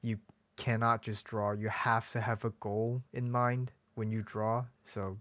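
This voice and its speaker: Young man, soft hedging speech, fairly low voice, dry close sound. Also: flat delivery, a little slow, no echo. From China. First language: Chinese. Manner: soft-spoken, hedging, laughs often. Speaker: podcast guest, artist. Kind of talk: casual interview chat.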